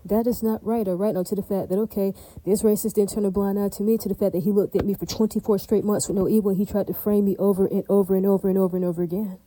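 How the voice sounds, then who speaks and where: A woman's voice: medium pitch, fairly even intonation, fast talker, few pauses, warm tone, no room sound, poor audio. A woman vlogger talking straight to her viewers in a rambling monologue, emphatic and defiant, looping back to the same catchphrases and checks for agreement. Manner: emphatic, repeats "all right, now" and "does that make sense?"; defiant, insistent tone. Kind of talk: rambling direct-to-camera monologue.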